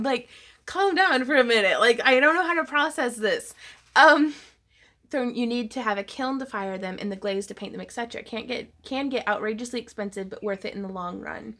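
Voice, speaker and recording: A chatty woman hosts a casual craft livestream. She talks in a fairly high voice, giggles often, and reads viewer comments aloud. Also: pushed and bright.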